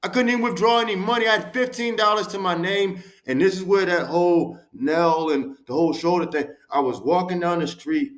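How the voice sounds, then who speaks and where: Brief: man, 40s, slightly higher voice, emphatic profane storyteller, roomy studio sound. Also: a little fast, hardly any pauses. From Baltimore, USA. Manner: animated, street-talking, profane, emphatic. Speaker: podcast guest. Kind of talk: candid storytelling interview.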